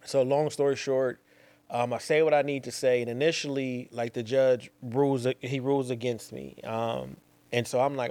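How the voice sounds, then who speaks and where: A man's voice: mid-range voice, fairly even intonation, moderate pace, warm tone, no room sound. Slangy man telling a story. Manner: rambling, repeats phrases, slangy asides. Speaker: podcast host. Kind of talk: casual storytelling monologue.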